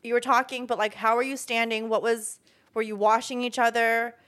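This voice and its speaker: A woman's voice: on the high side, little pitch movement, moderate pace, a bit bright. Blunt, sweary woman reacting in disbelief. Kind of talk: casual chat.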